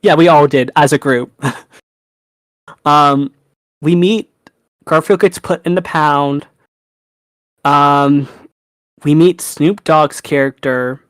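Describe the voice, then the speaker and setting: A young man co-hosting a podcast in casual chat, animated, laughing and swearing freely. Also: fairly high pitch, slow pace, long pauses, dry recording. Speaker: podcast co-host.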